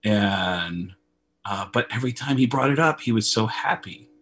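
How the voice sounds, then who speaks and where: A middle-aged comedian telling a profane, animated story as a guest over a video call, laughing often. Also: male voice, lowish voice, moderate pace. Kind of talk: casual storytelling.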